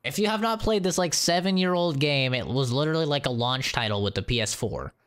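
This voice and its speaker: A man's voice: medium pitch, brisk, smooth. A man chatting casually on a live stream, ranting animatedly with lots of swearing and laughter. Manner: animated, profane, laughing rants.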